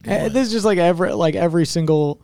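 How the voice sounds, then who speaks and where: A man co-hosting a comedy chat, riffing fast with lots of "like" and quick impressions. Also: high-pitched, warm tone, clean tone, no room sound. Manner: riffs fast with filler "like", does quick impressions. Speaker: podcast co-host.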